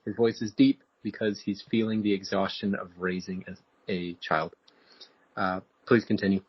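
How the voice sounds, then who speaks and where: A man with a slightly husky voice hands out mock-serious acting notes in podcast banter. He sounds close and dry, with a dull, lo-fi tone. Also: low-pitched, flat delivery, normal speed, no room sound. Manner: mock-serious, directing like a film director. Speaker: podcast co-host.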